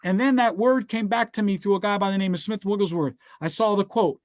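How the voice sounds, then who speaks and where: A man with a notably high speaking voice gives a motivational speech that mixes business success with scripture. He talks emphatically, keeps asking his listeners to write things down and keeps checking in with "all right?" The sound is dry, with no room echo. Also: fairly quick. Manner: repeats "guess what" and "all right".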